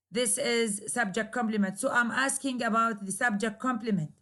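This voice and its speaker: A woman lecturer whose first language is Arabic, explaining English grammar in a recorded lecture, with many hesitations and pauses. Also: a little high, bright, forceful tone. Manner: slow, careful explaining with frequent hesitations. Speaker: university lecturer.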